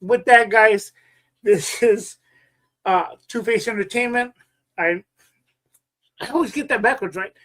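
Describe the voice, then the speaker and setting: A man's voice: high voice, unhurried, long pauses, a bit bright. A man hosting his own podcast, telling a casual story with many fillers and restarts. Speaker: podcast host.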